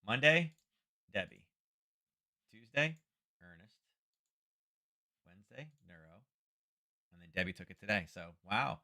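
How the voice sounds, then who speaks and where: Chatty low-voiced man rambling about trades. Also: animated, unhurried, long pauses, bright, forceful tone. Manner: rambling, chatty, fillers and wry asides. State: headache from wildfire smoke. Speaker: trading livestream host. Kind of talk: casual market commentary livestream.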